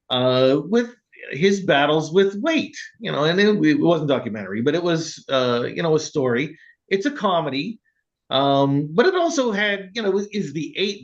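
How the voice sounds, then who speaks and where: A man co-hosting a casual film podcast, rambling with many fillers and laughing as he retells scenes. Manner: rambling, laughs often, acts out quotes in a high voice. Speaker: podcast co-host. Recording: dull lo-fi sound.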